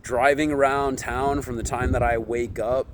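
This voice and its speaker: Against a noisy background, a candy vending vlogger chats to the camera at medium pitch, with a level tone and moderate pace. His talk is rambling, nearly every sentence closes with "right?", and he performs the lines of people he quotes.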